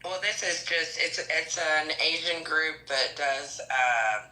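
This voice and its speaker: A man's voice: on the high side, takes it slowly, bright, forceful tone, echoey room, poor audio. A man in a casual group call, telling a long story and correcting himself as he goes. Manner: rambling, self-correcting storyteller. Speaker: group member.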